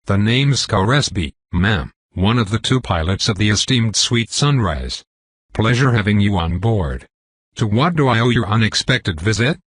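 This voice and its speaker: Grouchy older riverboat pilot with a Southern accent, folksy and rambling, a man reading him, low husky voice. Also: expressive, moderate pace, a bit bright, no room sound. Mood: guarded. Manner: rambling, folksy and self-important.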